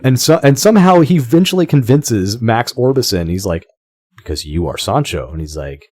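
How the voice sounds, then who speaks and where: A man's voice: mid-range voice, expressive, moderate pace, a little mellow, no echo, studio quality. A man co-hosting a podcast, talking casually, swearing freely and often restarting his sentences. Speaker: podcast co-host.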